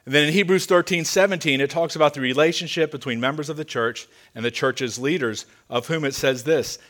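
A man's voice: fairly high pitch, brisk, few pauses. Earnest male pastor preaching. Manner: earnest, emphatic preaching with quieter asides. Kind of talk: sermon. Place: church sanctuary.

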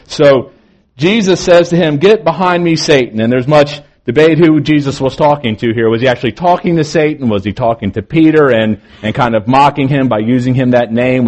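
A male pastor with a medium-pitched voice preaches a morning sermon. He alternates between emphatic lines and quieter, drawn-out phrases.

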